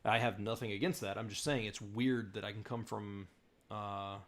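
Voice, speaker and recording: Young male streamer, low and gravelly, casual rambling chat host from southern Virginia. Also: fairly even intonation, moderate pace, fairly bright tone. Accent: General American with slight Southern Virginia tinge. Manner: rambling, many fillers, reads chat aloud. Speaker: YouTube host answering live chat.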